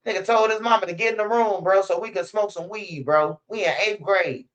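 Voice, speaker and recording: A man's voice: sits high, brisk, a bit bright. A young man, telling stories in a rambling, slang-heavy, profane way as a channel host. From Chicago. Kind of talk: casual storytelling commentary.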